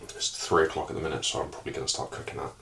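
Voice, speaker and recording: Young guy vlogging, low voice, pretty monotone, loose and rambly. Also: very fast, creaky, a little hiss or hum. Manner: relaxed, rambling, with frequent fillers and mild swearing. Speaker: bodybuilding vlogger and personal trainer. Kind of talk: casual vlog chat to camera. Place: indoors at home and in a parked car.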